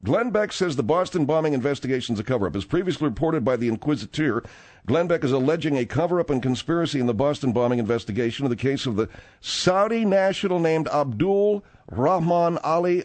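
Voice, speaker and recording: Animated, rambling male radio host. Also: a little high, a little fast. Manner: rambling and animated, with frequent fillers. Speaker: radio talk-show host. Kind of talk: casual talk-radio banter.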